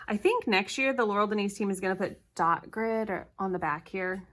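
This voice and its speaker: A young woman talks straight to the camera set on her table at home. Her voice is bright and forward, and her talk is chatty and scattered, full of quick corrections. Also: medium pitch. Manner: chatty, flustered, rambling with self-corrections. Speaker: planner vlogger.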